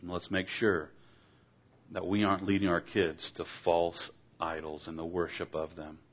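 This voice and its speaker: A man's voice: deep voice, little pitch movement, moderate pace. A man preaching a sermon, earnest and exhorting, asking his listeners pointed rhetorical questions. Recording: dull lo-fi recording.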